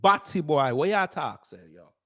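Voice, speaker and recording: A man's voice: a little high, expressive, moderate pace, heavy background noise. A man from the United States giving a reaction commentary, incredulous and mocking as he talks. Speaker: YouTube commentator.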